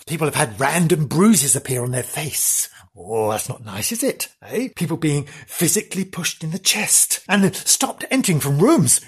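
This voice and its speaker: A man hosts a comic podcast, telling spooky tales with theatrical relish. His pitch rises and falls widely as he teases the listener. His voice has a faintly husky edge. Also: lively intonation, moderate pace. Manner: theatrical, teasing, playful asides. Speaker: podcast host.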